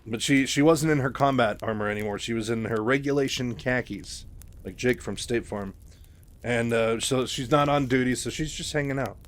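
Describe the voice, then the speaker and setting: A man's voice: mid-range voice, normal speed. A man casually retelling a novel, rambling with many fillers and asides.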